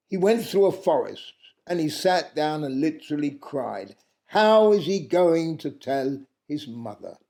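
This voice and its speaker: A man telling a traditional tale aloud in an unhurried way, pausing often and stopping now and then to correct himself. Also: fairly high pitch, gravelly, warm tone. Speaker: storyteller. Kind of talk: oral storytelling of a traditional tale.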